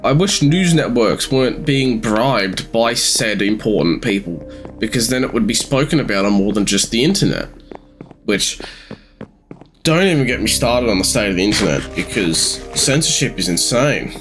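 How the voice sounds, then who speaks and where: An eighteen-year-old Australian man rambling through casual gameplay commentary with halting ums, sounding sleepy. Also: lowish voice, very animated, a bit bright, faint music behind. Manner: rambling, halting, many ums, sometimes swears. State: sleepy, yawning. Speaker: gamer streamer.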